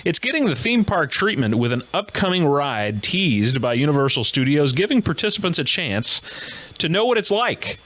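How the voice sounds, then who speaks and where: A man's voice: a little high, big pitch swings, normal speed, fairly bright tone, no echo. A man hosting a comedy show, delivering a jokey news monologue with self-mocking, rambling asides.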